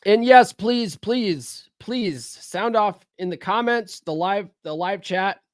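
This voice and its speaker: A man's voice: high voice, expressive, slow pace, no room sound, clean studio sound. A man hosting a casual livestream, rambling and conversational, recovering from a cold. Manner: rambling, conversational, frequent fillers and restarts. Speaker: livestream host.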